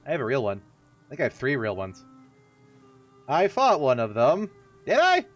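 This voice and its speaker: A man's voice: medium pitch, big pitch swings, moderate pace, lo-fi sound, soft background music. A man streaming a video game, giving casual, rambling, jokey and self-mocking commentary as he plays. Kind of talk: casual let's-play commentary.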